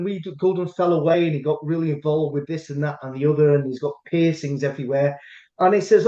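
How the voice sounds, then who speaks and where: High-voiced Scottish man telling stories. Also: fast talker. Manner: rambling, animated anecdote-telling with frequent restarts. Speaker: podcast host. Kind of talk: casual storytelling chat. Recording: echoey room, dull lo-fi sound.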